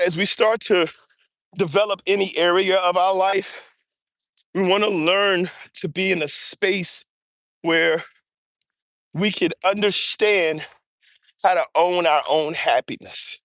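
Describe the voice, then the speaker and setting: Male livestream host, breathy on the move, energetic and chatty, high voice, dry close mic. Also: no echo. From US East Coast. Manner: energetic, chatty, greets viewers by name. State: audibly breathing hard while walking. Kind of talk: casual livestream chat while walking. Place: outdoors on an early-morning walk. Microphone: earbuds or small mic.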